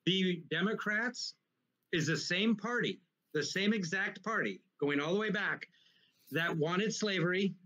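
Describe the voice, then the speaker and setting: A man hosting a casual talk show, explaining points in an animated, lecturing way with frequent restarts. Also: high-pitched, highs cut off. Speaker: podcast host. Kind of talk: casual conversation.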